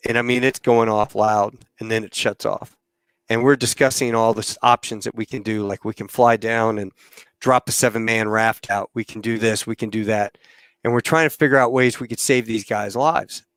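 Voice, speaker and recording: A man's voice: fairly low pitch, steady tone, moderate pace, fairly bright tone, smooth, no room sound. A man in his fifties, a former military pilot and podcast host, telling a rambling story casually, laughing often and swearing freely.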